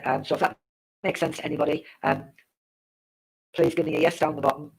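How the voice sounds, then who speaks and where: A woman's voice: deep voice, expressive, brisk, vocal fry, long pauses, a little mellow, slightly rough, low-quality recording. A woman, a psychic medium giving a live-streamed reading in a chatty, repetitive way. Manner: chatty, repetitive, laughs at tech trouble. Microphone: live-stream setup with a glitchy connection.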